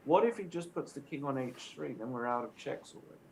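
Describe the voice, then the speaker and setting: A man's voice: medium pitch, animated, brisk, creaky, a little mellow, poor audio. A man co-hosting a chess show who works through candidate moves in a methodical way. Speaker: chess expert co-host. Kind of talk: casual chess analysis. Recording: faint background noise.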